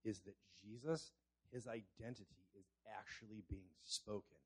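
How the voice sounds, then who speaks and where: A man's voice: lowish voice, steady tone, moderate pace, darkish tone, husky, poor audio. Explaining man checking in with "right?". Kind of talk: conversational Bible discussion.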